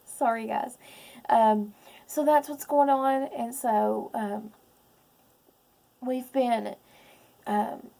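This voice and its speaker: A woman in her thirties, speaking in a personal vlog, close to tears, halting with many pauses and ums. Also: on the high side, gravelly, dark tone. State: close to crying. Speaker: vlogger.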